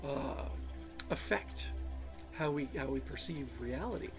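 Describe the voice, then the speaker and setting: With music playing in the background, a man hosts his channel, musing his way through a rambling self-help monologue and repeating words. His voice is medium-pitched, a little slow, and slightly nasal from allergies.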